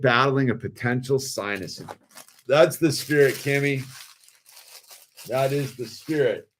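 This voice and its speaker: A man's voice: medium pitch, slow pace, long pauses, a little hiss or hum. A man hosting a toy-building video in a laid-back, slangy way, saying dude a lot. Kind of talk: casual commentary while building.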